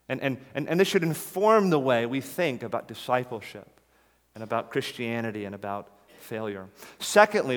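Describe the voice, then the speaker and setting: A man's voice: mid-range voice, animated, fairly quick. A man preaching a sermon in an earnest, emphatic way, repeating his key phrases. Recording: long hall reverb.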